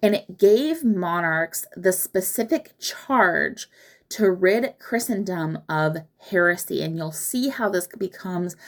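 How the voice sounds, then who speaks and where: A woman's voice: on the low side, vocal fry. A woman hosting a history podcast, telling the story casually and acting out quoted lines in mock voices.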